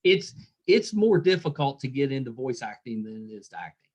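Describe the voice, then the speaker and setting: A middle-aged man hosts the interview in a husky voice. His pitch swings widely, and he chats in an easygoing, jokey way. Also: sing-song, brisk, darkish tone. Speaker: podcast host. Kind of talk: casual interview chat.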